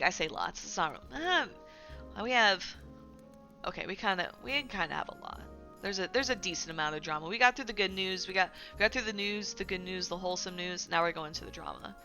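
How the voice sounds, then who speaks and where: A woman streamer chatting casually, rambling with frequent fillers and self-corrections, getting animated and indignant as she recounts community drama. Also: medium pitch. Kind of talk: casual livestream chat about community news.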